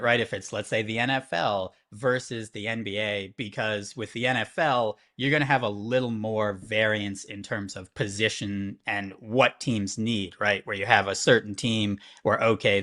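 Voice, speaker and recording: A man with a lowish voice works through sports betting odds on a live sports show. He explains at length and thinks aloud as he goes, checking in with the listener over and over. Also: steady tone, normal speed, hardly any pauses, pushed and bright. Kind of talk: conversational analysis.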